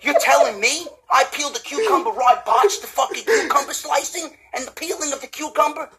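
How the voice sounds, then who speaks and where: A man's voice: very high voice, animated, brisk, crowd noise. A man playing a flustered, defensive guy who fusses and bickers over a salad he is serving.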